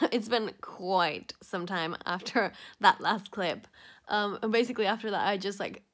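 Woman, vlogger, casual chat at home, tired, giggly, rambling, whispered asides, middle pitch. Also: unhurried, fairly bright tone. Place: at home indoors.

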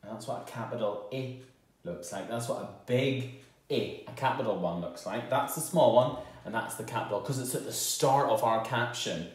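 A man teaching a children's phonics lesson, sounding out words slowly and cheering the children on. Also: medium pitch. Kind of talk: home-learning phonics lesson. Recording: very echoey room.

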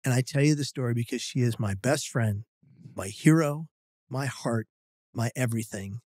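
A man's voice: mid-range voice, moderate pace, no echo, clean studio sound. A man, a podcast guest telling a funny story with acted-out quotes. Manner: animated storyteller, acting out quotes.

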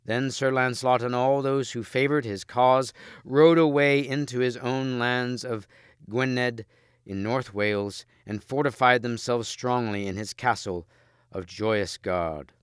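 Male audiobook reader, measured, clean, dry close sound. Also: medium pitch, clear, resonant tone, no room sound. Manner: steady, measured storytelling. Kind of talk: scripted narration.

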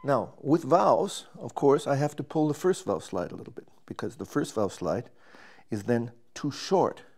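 A man's voice: mid-range voice, expressive, normal speed, darkish tone, soft background music. A man, a trumpet player, casually explaining and demonstrating his instrument, thinking aloud as he works and restarting his sentences.

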